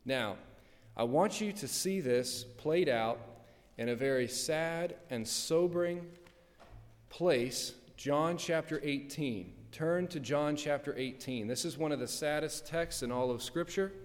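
A man's voice: fairly high pitch, measured pace. A pastor preaching a sermon, pressing his point with rhetorical questions and repeated words. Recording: long hall reverb.

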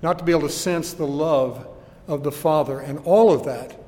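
A man's voice: fairly high pitch, normal speed, warm tone, big-room sound. A man preaching a sermon with earnest emphasis and rhetorical questions, recorded in a church.

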